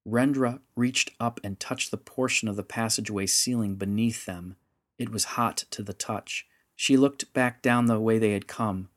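Low-voiced male audiobook narrator. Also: steady tone, normal speed, a bit bright.

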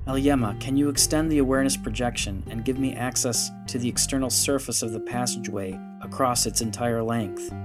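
A man's voice: mid-range voice, a little fast, hardly any pauses, over music, close to an everyday voice. A man voicing a decisive woman commander in an audiobook, speaking in clipped, commanding orders. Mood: urgent.

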